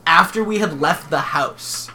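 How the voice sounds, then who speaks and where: A young man co-hosting a podcast, chatting casually and jokingly, swinging between loud bursts and mumbling. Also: a little high, measured pace, slight background noise. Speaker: podcast co-host. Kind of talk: casual chat.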